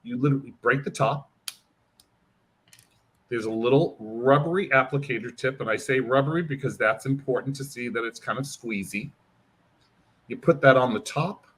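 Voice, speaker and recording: A man, a hair care brand educator, explaining and demonstrating a product in an animated interview, acting out bits of client dialogue. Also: medium pitch, moderate pace, pauses often, breathy edge.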